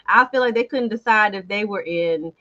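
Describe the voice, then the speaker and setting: A woman hosting a casual film chat, animated and talkative as she speaks straight to her viewers. Her voice sits in a middle register, and the recording sounds slightly dull and lo-fi. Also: mid-range voice, normal speed. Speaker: host.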